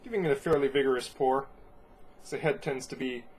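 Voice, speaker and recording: A man's voice: medium pitch, fairly quick, a little mellow, breathy edge. A man giving a casual beer review, talking in a rambling way and often correcting himself. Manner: rambling, self-correcting, chatty.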